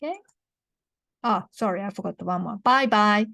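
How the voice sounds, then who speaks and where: A young woman with a Japanese accent teaching a beginner language lesson, saying words slowly and clearly for repetition, with frequent restarts. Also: medium pitch, a bit bright, no room sound, studio quality. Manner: slow, careful model pronunciations with many restarts.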